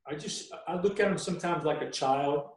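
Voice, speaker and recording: A man's voice: fairly high pitch, moderate pace. A man, a veteran basketball referee, telling stories in a podcast interview and acting out what he says to coaches. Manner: folksy storyteller acting out sideline exchanges. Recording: very echoey room.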